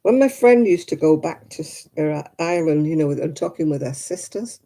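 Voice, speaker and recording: A man's voice: fairly high pitch, animated, a little fast, mellow. A man hosting a crafting livestream, chatting casually with viewers, laughing often and answering comments. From Manchester, England.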